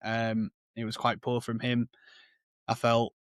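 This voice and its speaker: A man's voice: medium pitch, monotone, unhurried, clean tone, dry recording, clean studio sound. Easygoing man chatting about football. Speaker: podcast co-host. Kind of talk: casual football chat.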